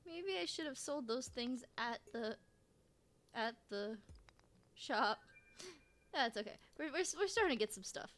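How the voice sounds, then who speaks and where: A woman's voice: fairly high pitch, expressive, unhurried, long pauses, fairly bright tone. A woman streamer giving casual let's-play commentary, rambling to herself with frequent restarts and giggles. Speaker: game streamer.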